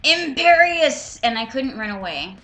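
A woman's voice: mid-range voice, sharp tone. A young woman giving a mocking, dramatic reading of fan fiction, with sarcastic asides. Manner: reads slowly, breaks into laughter and sarcastic asides. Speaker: reader and commentator.

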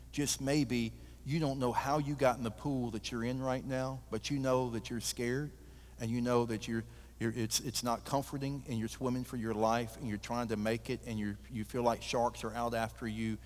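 Male guest preacher, folksy and animated, mid pitch, long church reverb. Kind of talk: sermon with storytelling.

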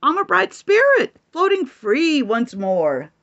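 A woman's voice: high-pitched, wildly swooping pitch, slow pace, a bit bright, lo-fi sound, voice pushed up, full character voice. A woman voicing a good-natured cow spirit in a storybook, content and mooing.

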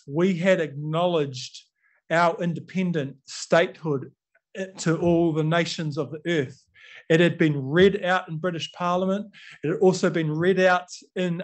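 A middle-aged man with a New Zealand accent giving a conversational storytelling talk to an audience, acting out quotes and using many fillers. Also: a little high.

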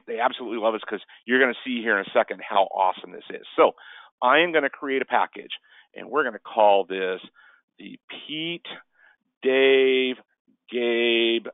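With a lowish, gravelly voice, a man presents a relaxed webinar, talking in a chatty way and tagging lines with "right?". The audio is dry with a tinny phone-line quality.

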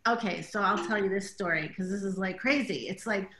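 A woman with a bright, forceful voice talks through her memories as a director, full of "like" fillers and quoted asides. Her voice rings in a roomy, echoing space, as over a video call. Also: mid-range voice, brisk. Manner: chatty storyteller, many "like" fillers, acts out quotes. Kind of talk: casual interview chat. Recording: roomy echo.

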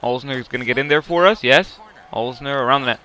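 A man giving live commentary while playing a hockey video game, excitable and quick to yell and swear at the plays. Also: mid-range voice, muffled recording. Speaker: gaming video creator.

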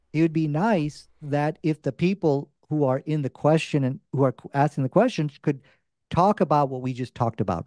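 A man's voice: medium pitch, dark tone, no echo, clean studio sound. A man arguing his side in a debate, insistent and repeating his points. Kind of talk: debate argument.

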